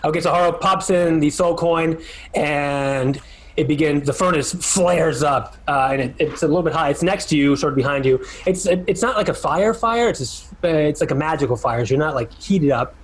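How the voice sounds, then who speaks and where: Male dungeon master, rambling narration, slightly high voice, live tabletop play. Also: normal speed, poor audio. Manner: rambling, filler-heavy descriptions.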